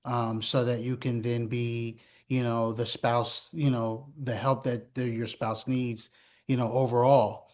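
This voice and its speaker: A man, an interview guest speaking as a spouse, answering in a halting, reflective way with many fillers. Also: medium pitch, little pitch movement, darkish tone.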